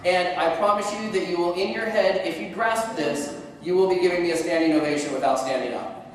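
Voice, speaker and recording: Energetic man presenting in an echoey hall. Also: sits high, a little fast, slight background noise. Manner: energetic, asks the audience questions, jokes. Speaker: seminar speaker. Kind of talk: conference talk to a live audience. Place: large conference hall. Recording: echoey hall, distant mic.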